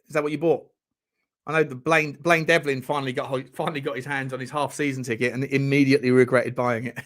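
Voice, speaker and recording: A man's voice: on the high side, a bit bright. Chatty man hosting a livestream. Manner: chatty, joking, reads out viewer messages. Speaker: livestream host. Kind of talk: casual live-stream chat.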